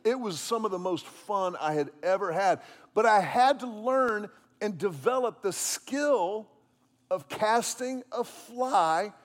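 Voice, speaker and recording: A man preaching in a loose, chatty storytelling way, his voice sitting high for a man. The sound rings with the long reverb of a large hall. He talks from a church stage. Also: takes it slowly. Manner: casual, animated storytelling with fillers. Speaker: pastor. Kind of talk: sermon storytelling.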